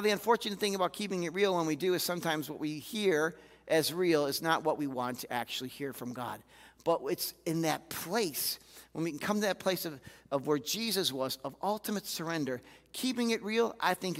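A man preaching a sermon as a pastor, candid and animated, often acting out the voices he quotes. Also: fairly high pitch. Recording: reverberant hall.

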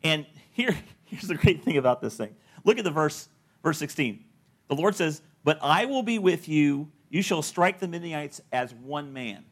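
A man's voice: fairly high pitch, expressive, normal speed. A middle-aged male pastor preaching a sermon, telling stories and acting out the people he quotes, often laughing at his own points.

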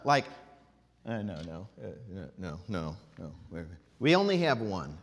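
A man teaching a group, animated, singing out drawn vowels to show how the pitch moves. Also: moderate pace. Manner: animated, demonstrates tones by singing out long vowels. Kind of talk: classroom lesson. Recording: long hall reverb.

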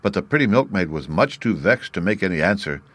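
A man narrating a classic storybook chapter in a measured, even way. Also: sits low, dry recording. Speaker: audiobook narrator.

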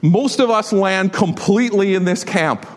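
A man preaching a sermon as a pastor, emphatic and exhorting his congregation with quick asides. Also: sits high. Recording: long hall reverb.

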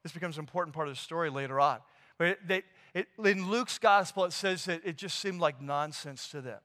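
A pastor retelling a scripture story in a sermon, animated and casual with slang and fillers. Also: male voice, a little high, brisk. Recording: long hall reverb.

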